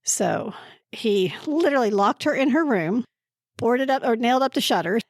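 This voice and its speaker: A woman co-hosting a library book podcast, recorded at a library, talking casually and slowly about a book she picked, pausing to search for words. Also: on the high side, expressive, no room sound, studio quality. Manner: slow, searching for words, laughing at times. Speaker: podcast co-host presenting a book pick.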